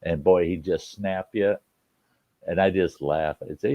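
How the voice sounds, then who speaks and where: A man's voice: low voice, measured pace, no room sound. A man hosting a late-night live stream. He tells stories in casual chat, laughs often and swears freely. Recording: dull lo-fi stream audio.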